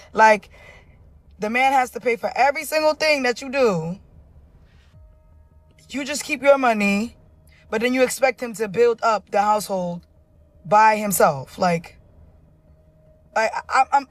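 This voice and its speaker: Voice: medium pitch, measured pace, long pauses, fairly bright tone, dry recording. Puzzled, disapproving commentator. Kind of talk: casual commentary to camera.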